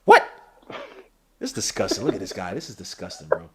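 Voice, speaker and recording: A man hosting a podcast, calling a game live with rapid play-by-play and breaking into loud, excited teasing of his co-host. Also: low voice. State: hiccuping. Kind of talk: live game watch-along commentary.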